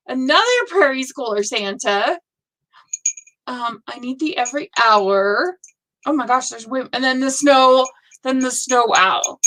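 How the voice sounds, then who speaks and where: A woman's voice: high voice, unhurried. A woman hosting a live stitching show, gushing over viewers' projects with gasps and exclamations. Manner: gushing, excitable, lots of gasps and "oh my gosh". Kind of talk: live show-and-tell chat.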